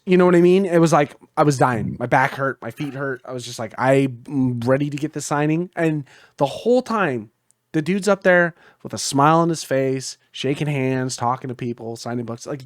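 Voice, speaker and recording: A young podcast co-host casually tells a long story, acting out what people said and laughing often as an animated storyteller. He speaks at medium pitch and a moderate pace, in clean studio sound with no room sound.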